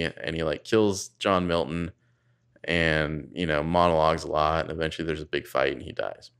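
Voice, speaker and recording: Deep-voiced man sardonically recapping a movie. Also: normal speed, fairly bright tone, clear, resonant tone. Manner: profane, sardonic, rambling. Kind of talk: casual film recap chat.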